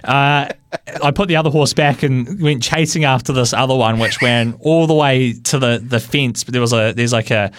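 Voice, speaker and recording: A man's voice: medium pitch, moderate pace, a little hiss or hum. Laughing New man telling a story. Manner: lively, laughing, restarts often. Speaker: radio producer. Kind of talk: casual on-air storytelling. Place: radio studio.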